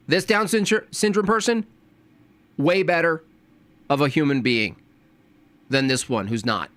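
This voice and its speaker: A man hosting a reaction commentary, scornful and preachy, jumping from loud jabs to low mutters. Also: no echo. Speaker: commentary host.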